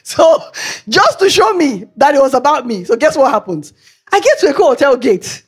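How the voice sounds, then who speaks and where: A woman's voice: high-pitched, big pitch swings, brisk, darkish tone, slightly rough. A woman with a Nigerian accent preaching a sermon, telling chatty anecdotes and laughing along the way. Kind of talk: storytelling sermon.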